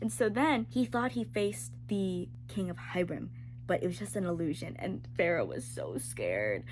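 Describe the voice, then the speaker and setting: A young woman recapping a book she is reading, gushing and excitable and peppering her talk with "like". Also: on the low side, moderate pace, a little hiss or hum. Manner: gushing, excitable, heavy use of "like". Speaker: book vlogger. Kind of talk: casual chat recapping a book.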